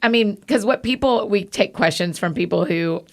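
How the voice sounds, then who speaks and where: A woman podcast host, enthusiastic and expressive in casual conversation. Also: mid-range voice, gravelly. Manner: enthusiastic, expressive, quick to react.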